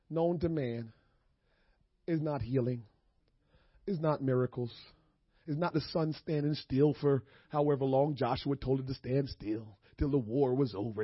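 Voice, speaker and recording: A man, preaching a sermon to his congregation, dropping to low murmurs and then rising to shouted preaching. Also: slightly rough, no room sound. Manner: calls out to the congregation. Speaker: pastor. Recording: dull, lo-fi sermon audio.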